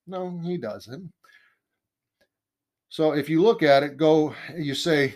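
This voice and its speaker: An earnest man gives a conversational Bible lesson, his voice sitting a little higher than most men's. He leans on repetition to drive points home. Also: a little slow, long pauses, darkish tone. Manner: earnest, emphatic, repeats key phrases. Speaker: Bible teacher.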